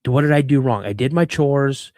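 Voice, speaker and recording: A man in his fifties from Washington State, telling a personal story as a podcast guest, animated, acting out the voices in it and often repeating himself. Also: medium pitch, moderate pace, dry recording, clean studio sound. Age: 50s. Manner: repeats words and restarts mid-sentence. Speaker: guest, cryptid researcher.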